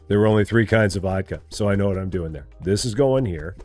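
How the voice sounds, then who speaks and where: A man's voice: low-pitched, unhurried, a little mellow, soft background music. A middle-aged man streaming a store simulator game, talking to himself casually as he stocks shelves and answering viewers in chat. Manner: talks to himself, chatty, reads viewer chat aloud. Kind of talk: casual live gameplay commentary.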